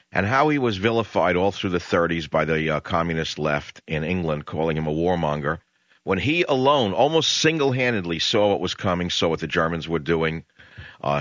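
A man's voice: very deep voice, a bit bright, dry recording. An older man with a New York accent, hosting a talk radio show in a rambling, emphatic monologue full of hesitations. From Queens, New York. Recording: dull lo-fi broadcast audio.

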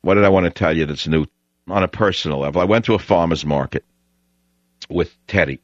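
A man's voice: deep voice, brisk, no echo. A man hosting a talk radio show, ranting sarcastically and drifting between stories. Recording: dull lo-fi radio sound.

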